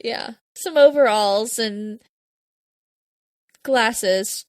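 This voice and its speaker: A woman co-hosting a podcast, chatting casually about a TV episode. Her voice sits a little high, and she sounds relaxed and amused. The sound is dry and close. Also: extremely slow, no room sound. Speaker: podcast co-host. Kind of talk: casual chat recapping a TV episode.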